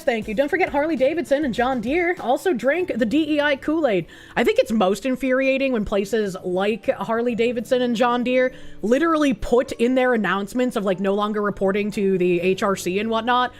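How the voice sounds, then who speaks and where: A woman's voice: fairly high pitch, moderate pace, soft background music. A woman with a Boston accent, a streamer reading donation messages in casual chat with sarcastic, laughing asides. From United States.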